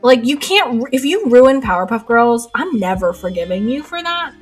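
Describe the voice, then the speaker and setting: A young woman chatting while she paints, with a slightly high, breathy voice. She rambles, gets worked up and laughs a lot. Soft lo-fi music plays faintly behind her. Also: moderate pace. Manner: excitable, rambling, laughs often. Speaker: art streamer. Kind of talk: casual chat while painting live.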